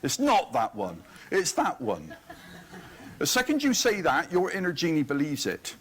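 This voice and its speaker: A man, giving an animated, joking motivational talk at a conference. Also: a little high, moderate pace, slight background noise. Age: 50s. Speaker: conference speaker. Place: conference hall.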